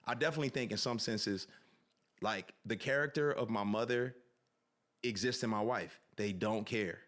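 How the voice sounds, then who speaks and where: A man on a podcast earnestly reflects on authenticity and tells personal stories in an animated way. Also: on the low side. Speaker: podcast guest. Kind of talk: reflective storytelling.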